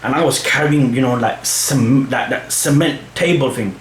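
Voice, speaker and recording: A young man with a mid-range voice and moderate pace answers fan questions for his channel, rambling casually in slang packed with "fam" and "you know what I mean." The room is echoey, with a faint hum.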